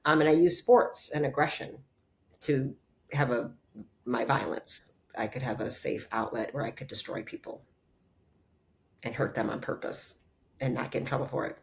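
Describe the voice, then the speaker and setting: A woman in her forties, a chiropractor guest in an interview, telling personal stories in a blunt, animated way and swearing freely. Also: rumbling low, normal speed, gravelly, pauses often, slight background noise. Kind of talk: candid interview storytelling.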